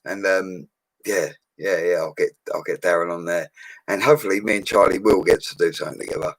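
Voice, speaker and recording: Upbeat guy chatting on a livestream, lowish voice, dead dry sound, laughs a lot. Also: steady tone, brisk, no room sound. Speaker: livestream host reading viewer comments. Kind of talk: casual live chat. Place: home studio.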